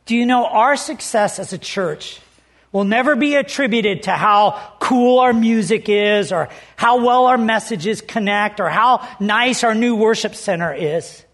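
High-voiced pastor preaching conversationally. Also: male voice, unhurried, a bit bright. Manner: conversational storytelling, earnest. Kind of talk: sermon.

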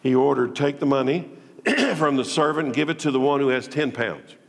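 A pastor preaching a sermon, dramatically swinging between loud declaiming and low, intimate tones. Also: male voice, lively intonation, normal speed, vocal fry. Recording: long hall reverb.

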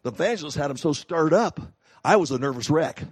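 A middle-aged man, a pastor, preaching a sermon with animated, humorous storytelling. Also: a little high, a little fast, husky, no room sound.

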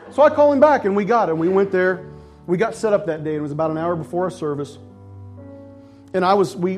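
A middle-aged male pastor telling a personal story in a sermon, acting out voices and sometimes shouting with excitement. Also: high-pitched. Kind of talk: sermon testimony.

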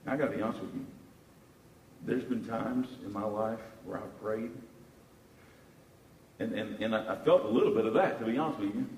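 Man, preacher, sermon, animated storytelling, stumbling restarts, roomy distant sound. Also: lowish voice, a little hiss or hum. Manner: animated storytelling, repeats words while searching. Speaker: pastor. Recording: echoey room from far off.

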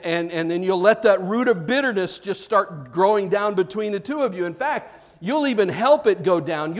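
A male pastor delivering a sermon in a fairly high voice. He swings between lively, joking bits where he acts out other people and quiet, earnest stretches when making his main point. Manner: animated, acts out quoted voices, jokes with congregation; drops to soft, earnest tones for serious points.

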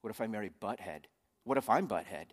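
A man's voice: on the low side, animated, quick pace, breathy edge. Brief: male pastor, conversational sermon with jokes, hall reverb. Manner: conversational, joking asides.

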